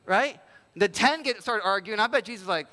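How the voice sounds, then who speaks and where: A man pastor giving a sermon in a conversational, animated way and acting out quotes. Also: high-pitched, quick pace, in a large hall.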